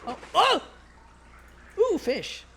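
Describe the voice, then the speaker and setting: Animated, joking male game streamer. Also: very high-pitched, very slow, a little hiss or hum. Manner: joking, swears often, talks back to the game. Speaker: live streamer playing a video game. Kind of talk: casual gameplay commentary.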